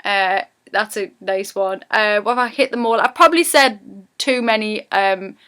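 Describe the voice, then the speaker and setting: A woman's voice: mid-range voice, normal speed, bright, forceful tone, clean tone. A young woman with a Geordie accent, chatting casually as she teaches local words and how they are said, stretching the vowels to show them. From North East England. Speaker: vlogger teaching her accent.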